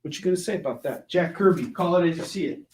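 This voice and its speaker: Animated, jokey male comic-shop host. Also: high-pitched, fast, echoey room, a little hiss or hum. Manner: animated and jokey, shouting silly sound effects. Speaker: host of a live comic shopping show. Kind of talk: live sales pitch, casual chat.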